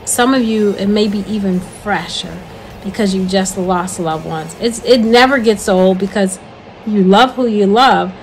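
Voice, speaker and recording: An older woman hosts her own talk in a medium-pitched voice, though the audio is poor. Her encouraging speech is earnest and preacher-like, repeating her main points.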